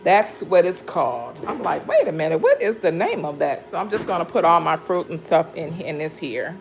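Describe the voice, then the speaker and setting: A woman chats casually with viewers on a live stream from her home kitchen, cutting fruit and juicing as she goes. She greets people by name and laughs often. Her voice is lowish and sing-song, at a normal speed.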